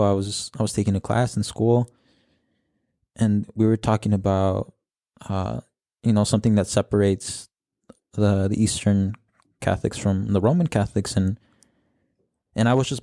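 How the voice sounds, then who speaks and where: Casting: young male podcast host, low mellow voice, laid-back, switches between English and Spanish, dry close sound. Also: normal speed, no room sound. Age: young adult. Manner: relaxed, mixes English with Spanish phrases. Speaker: podcast discussion leader. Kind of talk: casual podcast chat.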